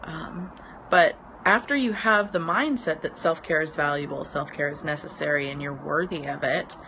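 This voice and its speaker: A woman's voice: deep voice, moderate pace. Chatty woman on a noisy porch. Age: 30s. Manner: rambling, chatty, frequent ums, laughs easily. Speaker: business mentor. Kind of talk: casual live-stream chat. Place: outdoor porch. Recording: outdoor porch with road noise. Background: road noise.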